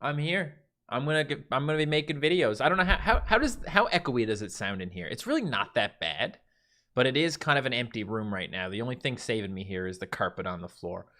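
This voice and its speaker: A man's voice: medium pitch, lively intonation, brisk, bright, forceful tone. A man from Newfoundland with a Newfoundland accent, chatting casually on a livestream from a mostly empty carpeted room and answering viewer chat. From Newfoundland, Canada. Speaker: livestream host.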